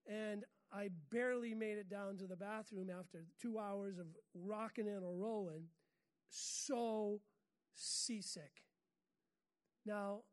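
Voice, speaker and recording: A woman's voice: mid-range voice, darkish tone. An American woman preaching a sermon in a chatty, humorous way, often laughing at her own stories. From United States.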